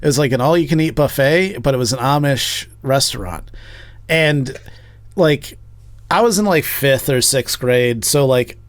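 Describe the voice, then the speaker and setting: A man's voice: medium pitch, unhurried, no echo. A man co-hosting a podcast in casual chat, rambling with many likes and restarts. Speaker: podcast co-host.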